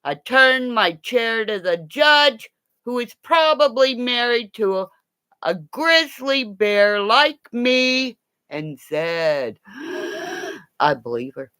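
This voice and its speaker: A woman ranting in a rambling, profane livestream, swinging between low growling threats and high shouting. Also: lively intonation, slow pace, smooth.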